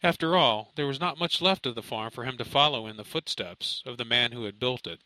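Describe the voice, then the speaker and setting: Very bright-voiced male narrator. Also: medium pitch, no room sound, low-quality recording. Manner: steady, measured storytelling. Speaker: audiobook narrator. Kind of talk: scripted narration.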